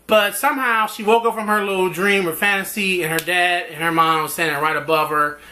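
A man's voice: high-pitched, fairly quick. A man reviewing a TV drama episode in a casual recap, acting out characters' lines as he goes. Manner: animated, acts out characters' lines mid-recap. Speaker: TV show reviewer.

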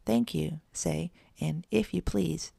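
A wise, ancient she-cat who talks in sing-song rhymes, read by a woman. The voice sits low with a gravelly edge. The recording is close and dry, as in a storybook reading. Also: slow pace, mellow, no echo, full character voice. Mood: gently chiding. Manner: sing-song rhyming speech. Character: oldest cat in the world, a wise old female cat.

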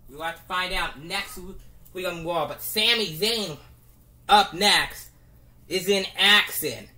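A commentator calling a home-made toy wrestling show, with halting restarts and bursts of excitement. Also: mid-range voice.

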